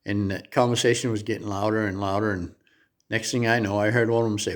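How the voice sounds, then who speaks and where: A man's voice: lowish voice, fairly even intonation, fairly quick. A man giving a motivational talk in an earnest, folksy way, repeating his points for emphasis. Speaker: motivational speaker.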